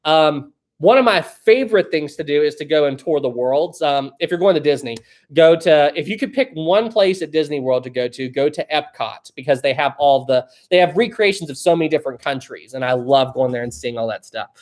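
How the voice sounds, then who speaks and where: A man's voice: fairly high pitch, fairly quick. A young man hosting a live stream, chatting casually and rambling as he reads viewer questions. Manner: rambling and chatty, often laughing. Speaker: livestream host.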